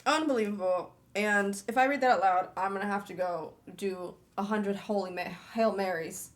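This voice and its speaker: A woman co-hosting a book club livestream, chatting casually, giggling often and breaking into loud exclamations. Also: medium pitch, moderate pace. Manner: giggly, dissolves into laughter, exclaims loudly. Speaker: streamer, book club co-host.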